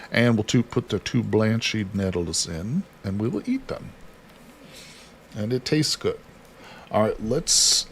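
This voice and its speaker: A man's voice: sits low, vocal fry, a little hiss or hum. A man livestreaming a survival card game, casually talking through each move and chatting with viewers. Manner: chatty, reads chat aloud, talks himself through actions. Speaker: livestream host. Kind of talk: casual gameplay commentary.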